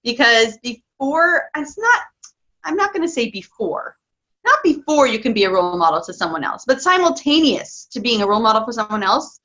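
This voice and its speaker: A woman coaching parents in a casual interview, chatty and excitable, laughing often. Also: a little high, normal speed, highs cut off.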